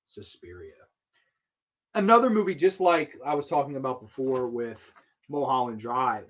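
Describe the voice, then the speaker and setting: A man's voice: mid-range voice, a bit bright, lo-fi sound. A man hosting a casual film talk show, talking with enthusiasm and rambling with fillers and restarts.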